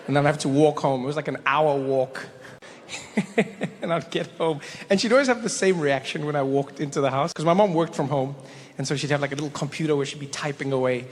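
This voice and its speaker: A man doing stand-up live acts out characters as he tells an animated story, stumbling into stammering restarts. His voice is on the high side, and the recording carries long hall reverb with slight background noise.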